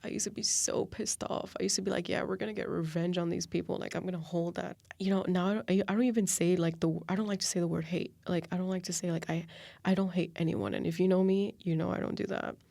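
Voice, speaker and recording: A woman in her late twenties hosting a reflective solo podcast, talking softly and confessionally and often sinking into a whisper. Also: lowish voice, fairly even intonation, fast, creaky, no room sound. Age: 20s. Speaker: podcast host.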